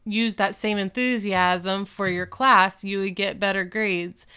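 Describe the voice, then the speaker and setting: A woman's voice: medium pitch, steady tone, measured pace, noisy background. A woman co-hosting a casual chat, retelling a TV episode with giggles and acted-out lines. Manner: giggly, acts out characters' lines. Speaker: podcast co-host.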